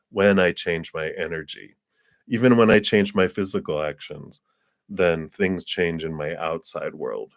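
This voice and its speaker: Slow, deep-voiced man reading tarot cards. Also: no echo, studio quality. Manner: unhurried and rambling, with frequent fillers and soft laughs. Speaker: tarot card reader. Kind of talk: live-streamed card reading.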